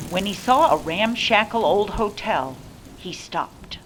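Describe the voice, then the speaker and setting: An older woman reading a picture book aloud with slow, expressive storytelling. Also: mid-range voice, breathy edge. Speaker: storybook reader.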